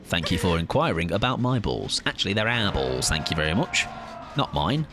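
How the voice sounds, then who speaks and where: A man's voice: very animated, normal speed, over music. A man chatting casually with his viewers while he plays a game on a livestream. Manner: chatty, greets chat, yelps in high bursts during play. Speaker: streamer. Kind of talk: casual gaming livestream chat.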